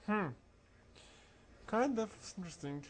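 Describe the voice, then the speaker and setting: A man with a high, animated voice talks at a measured pace as a let's play narrator, rambling casually over a role-playing game walkthrough and mumbling through asides. There's slight background noise.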